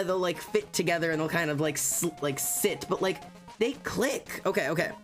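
A streamer in casual livestream chat, talking fast and excitably with frequent stammers and restarts. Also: medium pitch, soft background music.

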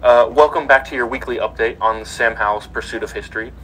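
A man's voice: medium pitch, quick pace, pushed and bright, a little hiss or hum, poor audio. A man hosting a casual podcast, reading sports news items aloud with plenty of ums and uhs. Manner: reads headlines with many fillers.

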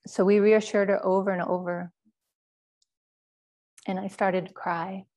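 A woman Zen teacher telling a personal story in a dharma talk, speaking in a quiet, measured, halting way. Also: medium pitch, little pitch movement.

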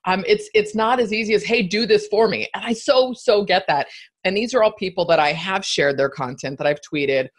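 A woman hosting a podcast in a casual conversation, chatty and quick to laugh. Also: medium pitch. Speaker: podcast host.

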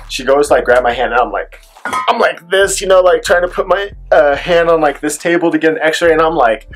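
This young vlogger's voice sits a little high and sounds a bit bright. He meanders through a personal anecdote, filler "like" everywhere, acting out what others said along the way.

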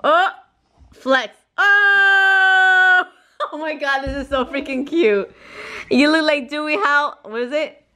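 A woman filming a casual family vlog at home, talking excitably with gushing exclamations. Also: sits high, slow pace. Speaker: vlogger mom. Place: home living room.

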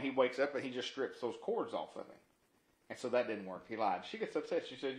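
A man's voice: medium pitch, fairly quick. Man teaching scripture in an echoey room. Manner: retells scripture casually with asides and restarts. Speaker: preacher. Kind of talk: conversational Bible teaching.

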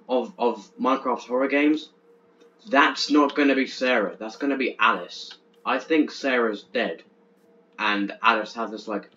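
Chatty young man narrating a horror game. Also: mid-range voice. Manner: chatty, jumpy, stammers when excited. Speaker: gaming channel host. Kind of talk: let's play commentary. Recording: dull lo-fi with faint hiss.

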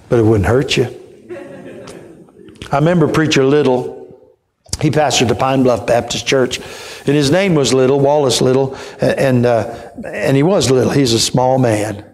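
A man preaching a church sermon as an evangelist, telling folksy stories that swell into shouted praise. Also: mid-range voice, moderate pace, long pauses.

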